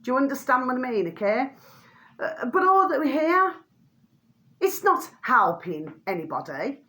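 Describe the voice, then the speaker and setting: A middle-aged woman delivers a heated monologue to camera in a fairly high voice. She talks bluntly and fiercely, swears freely and circles back to the same affectionate catchphrase. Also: sing-song, moderate pace, sharp tone. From United Kingdom. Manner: fiery and blunt, swears freely, keeps repeating "my delicious little babies". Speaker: vlogger.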